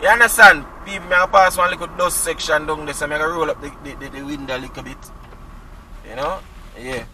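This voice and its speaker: A Jamaican man talks to his viewers from behind the wheel, looping back to the same friendly catchphrases. His voice sits high and sounds very bright. He is a little away from the mic, with faint music underneath. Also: fairly even intonation, brisk, distant mic, a little hiss or hum, low-quality recording. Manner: chatty, repeats catchphrases, greets viewers. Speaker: driving vlogger. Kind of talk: casual chat while driving. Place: inside a car on country roads.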